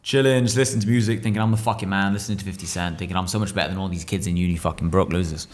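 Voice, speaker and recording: A young man in his twenties, a podcast guest telling a story in slangy, profane, lively casual talk. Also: low-pitched, racing. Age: 20s. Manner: profane, slangy, animated retelling.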